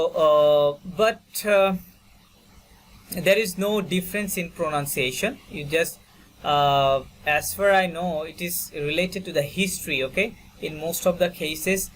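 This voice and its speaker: A man's voice: fairly high pitch, fairly bright tone, a little hiss or hum. Man patiently teaching French. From Bangladesh. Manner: patient, repeats words for students to echo; many fillers like "you know" and "okay". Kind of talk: online language lesson. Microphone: video call.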